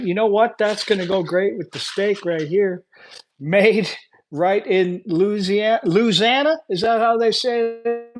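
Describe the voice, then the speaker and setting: Casual livestream host, man, slightly higher voice, effusive and laughing, light background hiss. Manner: warm, effusive, laughs often. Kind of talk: casual livestream unboxing chat.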